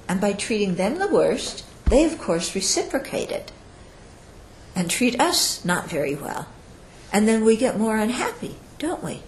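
Recorded roughly, with echo and faint background noise, a medium-pitched woman gives a dharma talk. Her Buddhist teaching feels conversational, with frequent check-ins with the audience. Quoted speech gets acted out through lively shifts in her voice.

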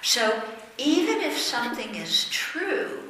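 Bright-voiced woman teaching in an echoey hall. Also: high voice, sing-song, slight background noise. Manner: measured, checks in with "okay?". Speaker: Buddhist teacher. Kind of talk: Dharma teaching talk. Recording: echoey room, voice from far off.

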